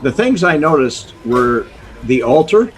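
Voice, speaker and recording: An older man telling a story as an interview guest, animated, chuckling often and acting out voices. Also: medium pitch, a little slow. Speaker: guest, former undercover informant.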